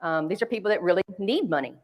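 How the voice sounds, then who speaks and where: A woman's voice: fairly low pitch, expressive, fast talker, a little mellow. Chatty Southern woman in reverberant hall. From North Carolina. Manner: chatty, laughing, self-deprecating. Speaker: keynote speaker. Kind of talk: storytelling keynote. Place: large conference hall.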